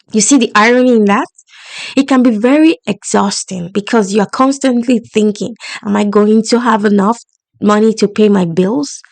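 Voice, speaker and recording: A woman's voice: mid-range voice, vocal fry, darkish tone, no echo. A woman hosting a solo podcast, coaching her listeners in an encouraging, upbeat tone. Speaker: podcast host and money coach.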